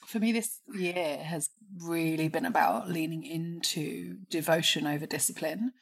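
Husky, low-voiced woman guest. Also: fairly even intonation, measured pace. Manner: reflective, storytelling. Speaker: podcast guest. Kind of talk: casual conversation.

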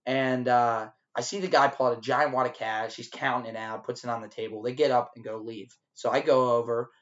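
A man on a podcast telling a rowdy restaurant story, animated and profane, acting out the shouting. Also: medium pitch, a little fast, muffled recording. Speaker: podcast co-host. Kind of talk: casual storytelling over drinks.

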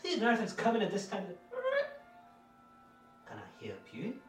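A man's voice: high voice, wildly swooping pitch, moderate pace, echoey room, distant mic, faint music behind, pitched above the performer's own voice. A man voicing a fussy, fretful older housekeeper woman who talks in a prim, flustered, old-fashioned way.

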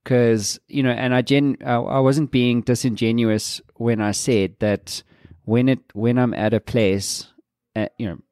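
A man's voice: medium pitch, steady tone, a little slow, a little mellow, clean tone, no room sound, clean studio sound. A man hosting a podcast in casual chat, reflective and swearing casually. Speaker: podcast host.

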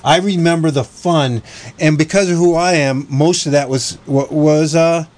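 A man's voice: on the high side, steady tone, moderate pace, darkish tone. A man hosting a casual sports talk show, telling stories in a rambling way with restarts and self-corrections. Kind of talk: casual sports radio chat.

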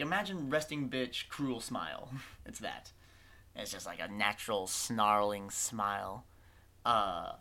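A woman's voice: a bass voice, a bit bright. A woman running a tabletop game as game master, narrating in a loose, chatty way with many fillers and self-corrections.

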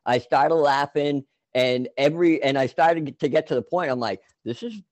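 A man's voice: fairly high pitch, normal speed, no room sound. A man telling a long personal story in casual chat, rambling with many fillers and restarts.

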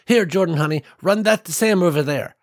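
A man voicing a brisk, motherly woman who directs the children with firm, affectionate orders. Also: high-pitched, voice pushed up, close to an everyday voice.

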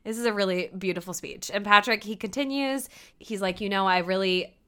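A woman co-hosting a casual chat, animatedly retelling a TV episode and quoting the characters in quick put-on voices. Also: medium pitch, pushed and bright, smooth. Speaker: podcast co-host recapping a TV episode.

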